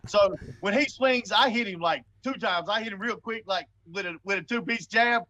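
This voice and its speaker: A man, telling a story in an animated way, often stammering and laughing. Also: high voice, moderate pace. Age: 40s. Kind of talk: casual storytelling.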